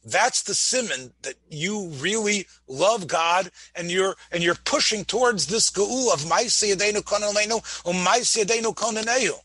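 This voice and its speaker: A man's voice: high voice, normal speed, few pauses, pushed and bright, breathy edge, dry recording. A man giving a Torah class, asking his listeners questions and often restarting his words. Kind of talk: Torah lecture.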